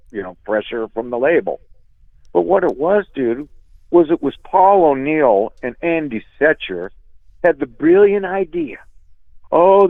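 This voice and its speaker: A man with a gravelly, rough-edged voice spins an animated, salty story, calling his listener "dude" along the way. His voice comes through a thin, phone-like line with no room sound around it. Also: a little high, no echo. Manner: animated, profane, peppers talk with "dude". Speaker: guest musician. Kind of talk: casual storytelling. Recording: tinny phone line, dry.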